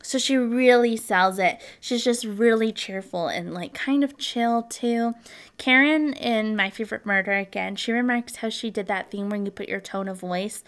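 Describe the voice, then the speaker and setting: A woman's voice: medium pitch, normal speed. A woman hosting a true crime podcast, telling the story casually and animatedly, with frequent ums and likes.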